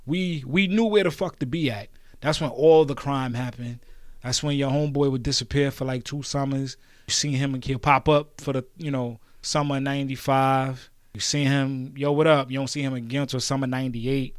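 A man's voice: medium pitch, fairly even intonation, normal speed, no room sound, studio quality. A man in his thirties with a Brooklyn New York accent, hosting a podcast and telling rambling, profane stories in street slang. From New York City. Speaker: podcast host. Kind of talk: casual storytelling monologue.

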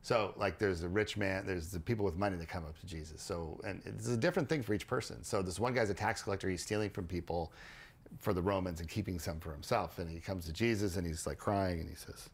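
A man hosting a podcast, explaining ideas in a casual, animated way with frequent restarts and repeated words. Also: low-pitched, fairly quick, gravelly, husky. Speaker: podcast host.

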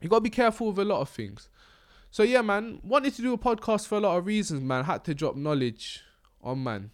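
A man's voice: high voice, sing-song, a little fast. Slangy young man, rambling. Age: young adult. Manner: slangy, rambling, laughs often. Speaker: podcast host. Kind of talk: casual chat.

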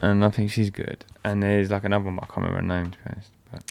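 A tipsy man co-hosting a casual podcast chat, rambling and halting as he talks. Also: on the low side, flat delivery, vocal fry, darkish tone, dry recording. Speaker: podcast co-host.

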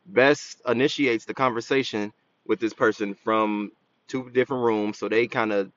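A man's voice: on the low side, fairly even intonation, normal speed, a bit bright, no room sound, dull audio. A man co-hosting a podcast, telling a story in a laid-back, joking casual chat. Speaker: podcast co-host.

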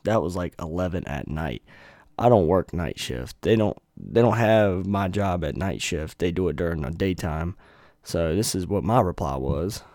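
A man's voice: sits low, lively intonation, moderate pace, darkish tone, no room sound, studio quality. A man hosting a podcast, telling a story in a casual, sarcastic way with swearing and a laugh now and then. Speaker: podcast host.

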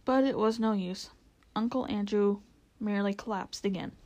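A woman reading a children's storybook aloud as narrator, in a lively, expressive way. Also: medium pitch, normal speed, poor audio.

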